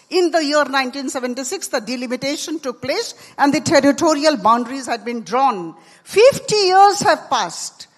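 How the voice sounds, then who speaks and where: Emphatic high-voiced Indian woman in a hall. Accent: Indian English. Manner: forceful, emphatic, repeats points for stress. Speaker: panel speaker. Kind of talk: emphatic panel speech. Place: large conference hall. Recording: long hall reverb.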